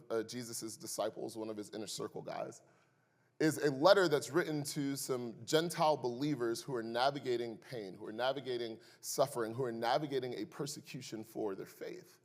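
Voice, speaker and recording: A young man preaches in a church sanctuary, his voice carrying a long reverb through the hall. His pitch sits in an ordinary middle range. He tells stories with animated swings and slips in dry, joking asides to the congregation. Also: a little fast. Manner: animated, building to loud emphasis in stories. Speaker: pastor. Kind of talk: sermon with personal storytelling.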